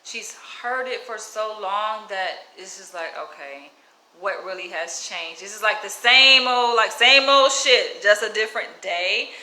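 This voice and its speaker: A woman's voice: unhurried, roomy sound, poor audio. A woman vlogger telling a personal story in a casual, outspoken way, with light cursing. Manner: outspoken, animated, drops into higher mimicking voices when quoting others. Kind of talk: casual storytelling to camera, reading live chat.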